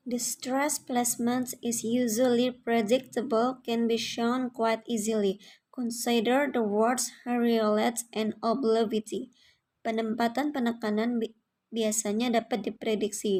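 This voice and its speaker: A young woman with an Indonesian accent reading a class presentation aloud in a steady delivery. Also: fairly high pitch, normal speed, poor audio. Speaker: student presenter.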